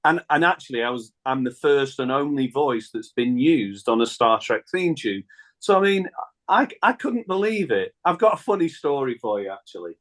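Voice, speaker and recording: A middle-aged man, a singer telling a lively anecdote in a radio interview and laughing often. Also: medium pitch, normal speed. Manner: chatty storyteller, laughs often, acts out phone calls. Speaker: guest singer. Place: radio studio.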